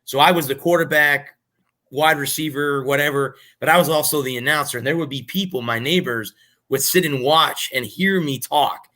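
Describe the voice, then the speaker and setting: A man's voice: on the high side, moderate pace, pushed and bright. A man from Florida, reflective and candid as he tells his own story in a casual chat. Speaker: co-host, aspiring announcer.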